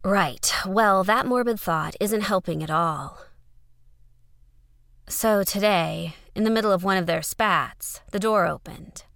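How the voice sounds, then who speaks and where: A woman's voice: medium pitch, slow pace, creaky, fairly bright tone, no room sound, studio quality. A woman narrating an audio fiction story in a conversational first-person letter style.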